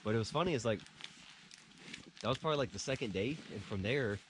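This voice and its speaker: A man's voice: medium pitch, animated, fast talker, background noise. Swearing man telling army stories. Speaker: vlogger. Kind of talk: casual chat. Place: snowy winter campsite outdoors.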